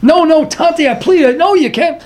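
A man voicing a frantic young married woman who begs her father, in a much higher voice than his own. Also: normal speed, very noisy. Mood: pleading. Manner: urgent, begging.

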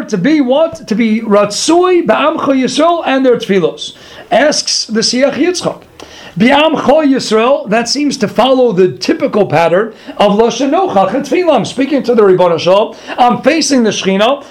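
Male Torah teacher, very high voice, animated lecture with pleading asides. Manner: animated, pleading asides to God, Yiddish-Hebrew terms.

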